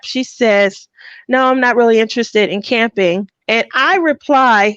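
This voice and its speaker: A woman's voice: fairly high pitch, unhurried, clean tone, dry recording, muffled recording. Laughing woman hosting a casual livestream. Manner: laughs often, animated storytelling. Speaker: craft livestream host.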